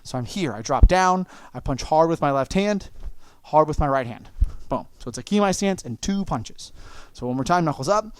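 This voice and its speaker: A man with a fairly high voice leads an online martial arts lesson, calling out each move and encouraging his students. His sound is dry and close, with no room echo. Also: expressive, moderate pace, clear, resonant tone. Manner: coaching, encouraging, calls out moves and kiai shouts. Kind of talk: online class instruction.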